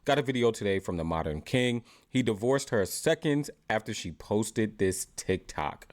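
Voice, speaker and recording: A man's voice: lowish voice, expressive, normal speed. A man from Britain hosting a reaction channel, giving opinionated commentary in a chatty way and asking rhetorical questions. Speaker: host.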